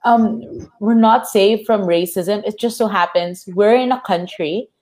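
Lively woman in panel chat. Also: mid-range voice, unhurried. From Philippines. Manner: animated, quotes others in lively voices. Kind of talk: casual panel discussion.

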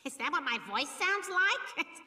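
A woman's voice: very high-pitched, lively intonation, normal speed, bright, forceful tone, exaggerated voice. A woman voicing an exasperated cartoon housewife with a whiny, nasal voice. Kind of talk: animated sitcom voice acting. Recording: distant roomy sitcom clip audio.

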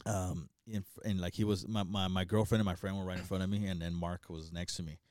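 A man's voice: sits low, level tone, brisk, darkish tone, clear, resonant tone, dry recording, clean studio sound. A young man co-hosting a casual chat, swearing freely and laughing often. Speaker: podcast co-host.

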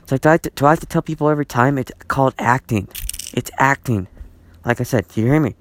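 A man's voice: medium pitch, quick pace. A man hosting a solo podcast from home, rambling and exasperated, repeating himself with lots of fillers and restarts. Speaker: podcast host.

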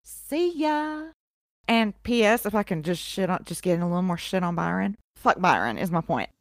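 A woman's voice: lowish voice, animated, quick pace, gravelly, no room sound, studio quality. A woman co-hosting a casual podcast who retells history in an irreverent, profane way, full of sarcastic asides. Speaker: podcast co-host.

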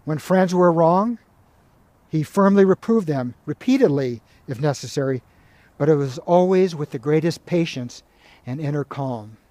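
A man, a monk, giving a spiritual talk in a calm, measured way, retelling stories and reading passages aloud. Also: a little high, no echo.

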